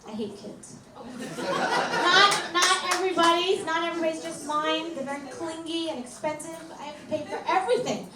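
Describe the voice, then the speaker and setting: A woman in her forties doing a stand-up set, delivering deadpan one-liners and laughing at her own jokes. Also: sits high, unhurried. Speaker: stand-up comedian. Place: comedy club stage. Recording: echoey club from far off, loud crowd. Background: loud crowd laughter and room noise.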